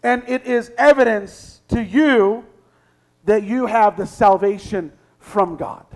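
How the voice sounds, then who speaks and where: A man preaching a sermon as pastor, reading scripture aloud and building to shouted exhortations. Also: high-pitched, slow. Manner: reads scripture, then preaches with rising shouts. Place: church sanctuary.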